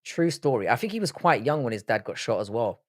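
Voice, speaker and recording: A man's voice: medium pitch, very animated, fairly quick, no echo, studio quality. A man with a London accent hosting a live stream, chatting casually with viewers in loose, sweary banter. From Britain. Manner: loose, sweary banter, repeats words to show how he says them.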